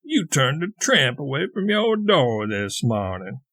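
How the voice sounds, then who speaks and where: A man voicing a small, contemptuous, moldy male dwarf who speaks in a slow sneering drawl. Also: mid-range voice, very animated, a bit bright.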